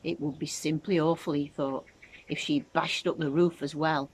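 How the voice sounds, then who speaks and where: A woman teacher reading a children's book aloud with clear, expressive storytelling. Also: deep voice, normal speed.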